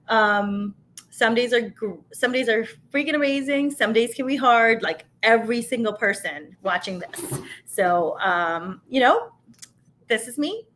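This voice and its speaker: A woman in her thirties hosting a live tasting stream, chatting casually with viewers in an animated, filler-heavy way. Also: on the high side, a little slow, slight background noise. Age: 30s. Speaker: host of a tasting show.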